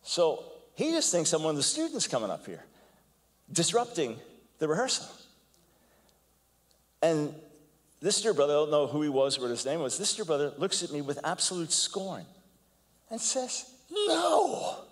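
An older man giving a lecture as a guest speaker, telling stories in an animated way, often repeating words as he goes and acting out quotes. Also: fairly high pitch, moderate pace, long pauses. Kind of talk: storytelling lecture. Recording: long hall reverb.

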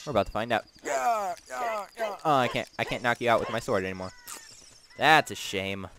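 A man's voice: medium pitch, expressive, fairly quick, pushed and bright, slight background noise. Goofy man rambling over gameplay. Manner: goofy, rambling, talks to game characters. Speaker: let's play gamer. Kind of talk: casual gameplay commentary.

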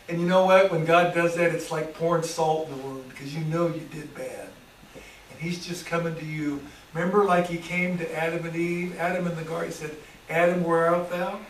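High-voiced Texan preacher in an echoey church. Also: male voice. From Texas. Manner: preaching with sudden loud shouted bursts and hushed asides. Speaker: pastor. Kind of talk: sermon. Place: church sanctuary. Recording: echoey church room from far off.

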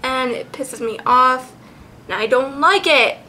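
A woman vlogger chatting casually, giggly and excitable, swearing freely as she goes. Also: high-pitched, slow, slight background noise. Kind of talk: casual chat.

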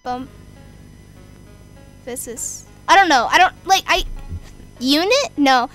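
A young woman commenting on a horror game, easily scared, swearing, shouting and joking at the screen. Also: high-pitched, animated, slow, faint music behind. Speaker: gamer.

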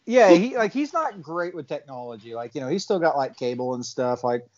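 A man's voice: on the high side, expressive, a little fast, a little mellow. A man running a tabletop game as game master, chatty and laughing often, in a slightly muffled recording.

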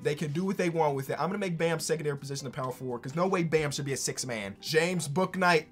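A man giving casual, excitable commentary over a basketball video game, swinging from hyped shouts to dry asides. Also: a little high. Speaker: basketball gaming YouTuber.

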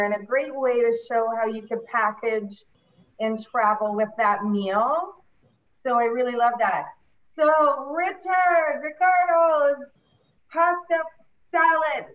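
A woman's voice: on the high side, fairly even intonation, measured pace, far from the mic, lo-fi sound. A woman hosting an online cooking club, introducing and encouraging the cooks with enthusiasm. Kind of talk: hosting a video call.

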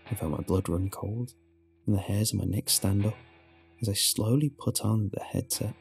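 A man with a very deep, gravelly voice narrates a first-person horror story. His delivery is low and measured, and soft music plays faintly beneath him.

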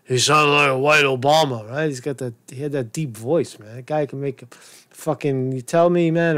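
A man's voice: a little high, moderate pace, fairly bright tone, no echo. A man delivering a crude, mocking political rant as a commentary vlogger, swearing often. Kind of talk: profane off-the-cuff political rant.

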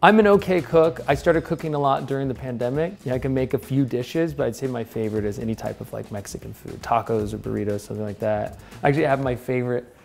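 A relaxed man in his thirties chats about food and training at home, laughing easily and leaning on fillers. His mid-range voice carries a gravelly edge, with soft music playing underneath. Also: medium pitch, quick pace. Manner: relaxed, chatty, laughs often, lots of fillers. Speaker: interview guest, pro snowboarder. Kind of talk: casual chat. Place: house, indoors.

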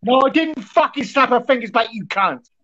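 A man's voice: extremely high pitch, animated, moderate pace, pushed and bright, highs cut off. A man from Portsmouth with an English accent, furious and swearing in a heated live-stream argument. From England.

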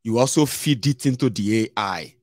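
A man's voice: lowish voice, moderate pace, a little mellow, no echo. Nigerian man, livestream host, casual commentary, digressive, pidgin asides, dry sound. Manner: chatty, digressive, mixes in pidgin, many fillers.

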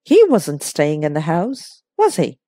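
A woman voicing a shrewd, gentle elderly spinster who solves mysteries, in a precise, soft-spoken manner. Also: sits low, huge pitch swings, measured pace, no echo, voice pushed down, exaggerated voice.

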